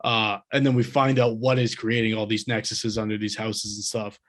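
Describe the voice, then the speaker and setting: A man's voice: fairly low pitch, little pitch movement, normal speed, fairly bright tone. A man co-hosting a podcast, talking about a book in a casual, rambling and enthusiastic way, often laughing. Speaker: podcast co-host.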